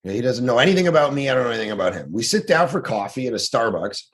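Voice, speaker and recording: A man of middling pitch speaks as a pastor and author on a casual podcast. He talks in an animated, storytelling way, restarting sentences and throwing in quick asides as he goes.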